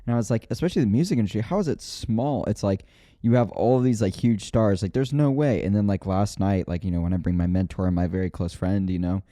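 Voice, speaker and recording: A man's voice: on the low side, steady tone, quick pace, mellow, no room sound, clean studio sound. A man co-hosting a casual chat podcast, bantering and teasing in a laid-back way. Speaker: podcast co-host.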